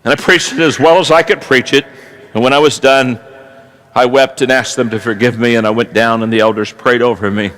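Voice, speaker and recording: A man preaching a sermon, telling stories animatedly, dropping to hushed tones and rising to shouts. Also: mid-range voice, steady tone, brisk, poor audio.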